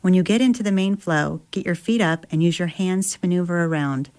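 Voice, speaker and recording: A woman reading the lines of an easygoing adult male river guide, giving casual instructions in a slightly low voice. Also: fairly quick, a little mellow, close to an everyday voice. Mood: instructive.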